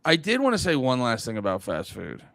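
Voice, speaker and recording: A man's voice: medium pitch, huge pitch swings, fairly quick, creaky, a bit bright, no room sound. A young man co-hosting a podcast, chatting loosely, swearing and restarting his sentences. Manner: loose, profane, rambling with restarts. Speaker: podcast co-host. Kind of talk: casual chat.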